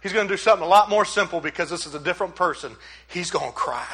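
High, bright-voiced preaching pastor. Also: male voice, very fast, breathy edge, rough recording. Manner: conversational, emphatic, rhetorical questions. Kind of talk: sermon.

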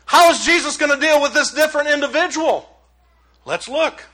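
A man preaching a sermon who talks to the congregation directly and asks rhetorical questions. His voice sits very high and sounds bright and forceful. He moves between emphatic points and softer asides. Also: moderate pace, poor audio. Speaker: pastor.

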